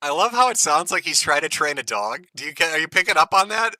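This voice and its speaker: A man's voice: a little high, lively intonation, fast talker, sharp tone, no room sound, rough recording. A man commenting on a clip during a live stream, crude and sarcastic, laughing as he mocks the people in it.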